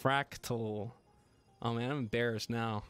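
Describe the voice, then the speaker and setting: A man's voice: mid-range voice, fairly even intonation, a little slow, fairly bright tone. A man hosting a casual live stream, joking and laughing as he gets flustered over his own slip. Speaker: livestream host building a PC.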